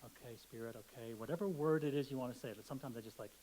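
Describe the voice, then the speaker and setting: A man's voice: medium pitch, very fast, dark tone, slight background noise, low-quality recording. A middle-aged man preaching a sermon in a conversational, playful way, telling stories and acting out the voices in them. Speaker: pastor. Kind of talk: sermon with storytelling.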